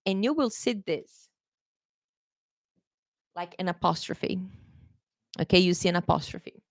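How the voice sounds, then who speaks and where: A woman's voice: lowish voice, unhurried, no room sound, studio quality. Chatty woman teaching pronunciation live. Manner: chatty, repeats "okay?" often, self-correcting. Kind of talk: live online lesson.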